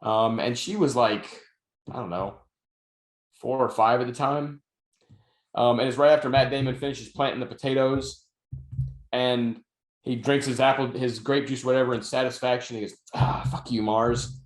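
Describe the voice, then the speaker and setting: A man's voice: medium pitch, fairly even intonation, normal speed. A middle-aged man co-hosting a podcast, telling stories with dry, wry asides. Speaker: podcast co-host and novelist. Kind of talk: casual podcast chat. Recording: roomy echo.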